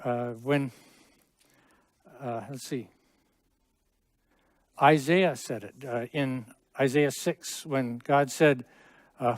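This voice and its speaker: A man's voice: medium pitch, steady tone, very slow, pauses often, dry recording. A middle-aged man teaching a Hebrew class in a classroom, explaining at length with friendly asides and small jokes. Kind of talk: classroom lesson.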